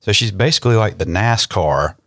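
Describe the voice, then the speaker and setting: A man's voice: on the low side, animated, a little fast, fairly bright tone, dry recording, clean studio sound. A young man co-hosting a podcast, reading history facts and joking about them. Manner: joking, reads facts then riffs. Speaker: podcast co-host. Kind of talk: casual chat and read history.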